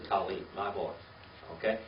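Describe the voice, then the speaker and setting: An older man teaching a Hebrew class, spelling words letter by letter and coaxing students with frequent "okay?" checks. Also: normal speed. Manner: patient, coaxing, checks in with "okay?" and "all right?". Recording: roomy, distant, dull low-fi with faint hiss.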